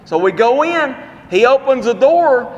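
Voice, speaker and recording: A man preaching a sermon, telling a personal story in a folksy, earnest way with dramatic pauses. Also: very high-pitched, expressive, lo-fi sound. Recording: long reverb, faint background noise.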